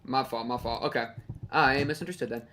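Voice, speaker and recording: A man's voice: medium pitch, brisk, fairly bright tone, slight background noise. A man playing a board game on a live stream, hesitant and thinking aloud with lots of fillers. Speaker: player.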